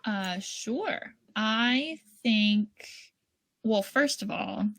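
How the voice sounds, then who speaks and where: A woman speaks slowly and unhurriedly as a guest player in a board game session. Her voice sits a little high, and she answers in short, dry quips. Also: animated, fairly bright tone. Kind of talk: casual board game play-through.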